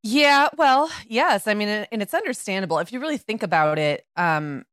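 Woman co-host, middle-aged, slightly croaky, dry close mic, casual rambling delivery. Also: medium pitch, animated, moderate pace, fairly bright tone, no room sound. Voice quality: croaky in the morning. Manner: rambling, searches for words. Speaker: podcast co-host. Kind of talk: casual podcast chat.

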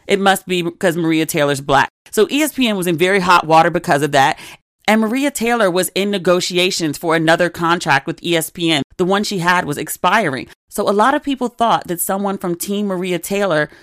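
A young adult woman hosting a podcast, telling stories in casual, animated chat with frequent asides. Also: lowish voice, a little fast, no echo, studio quality. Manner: animated, conversational storytelling with asides. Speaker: podcast host.

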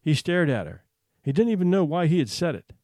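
Expressive male storyteller, dry sound. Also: fairly high pitch, brisk, no room sound. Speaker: narrator. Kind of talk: audiobook narration.

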